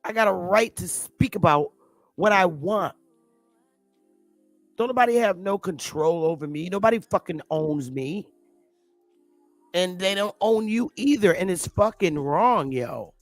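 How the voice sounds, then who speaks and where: A woman with a fairly low, animated voice rants at a measured pace in an unscripted opinion monologue, blunt, defiant and combative, swearing heavily and repeating points for emphasis. She's a commentary vlogger, recorded with no room sound over soft background music.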